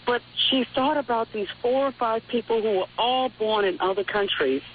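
A woman's voice: on the high side, normal speed. A woman from New York City calls in to a talk radio show, recounting a personal story with earnest, heartfelt feeling. Her voice comes through a narrow, tinny phone line with a faint hiss behind it. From New York City, Harlem. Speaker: caller. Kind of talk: call-in storytelling.

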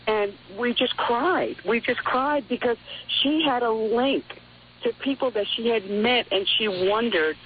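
A woman from Harlem, New York City, calling in to a radio show to tell a heartfelt story with warm earnestness. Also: on the high side, a little slow, slightly rough. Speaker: caller. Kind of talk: call-in storytelling. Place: phone call into radio show. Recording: phone line with faint noise.

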